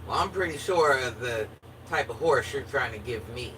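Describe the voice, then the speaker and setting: A woman's voice: extremely low pitch, animated, normal speed, a bit bright. A woman chatting casually with her viewers in a playful, joking manner. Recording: distant mic with faint background noise.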